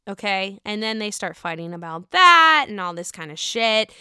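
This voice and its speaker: A young woman recapping a reality show in a casual, gossipy, animated way, swearing freely. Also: medium pitch, moderate pace, hardly any pauses, smooth, dry recording, clean studio sound.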